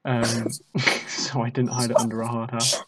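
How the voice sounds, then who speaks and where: A man's voice: mid-range voice, completely flat delivery, normal speed, heavy background noise. A young British man casually telling a rambling, self-mocking party story. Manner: rambling, self-mocking, acts out drunk quotes.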